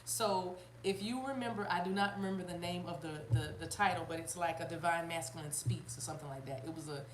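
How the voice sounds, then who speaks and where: A woman with a low voice talks her viewers through a spiritual reading, full of fillers, restarts and asides to the chat. The room has a noticeable echo and a faint hum behind her. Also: a little fast. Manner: rambling, with many fillers and restarts; addresses viewers and chat directly, laughs often. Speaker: spiritual reader. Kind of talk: live-stream tarot reading.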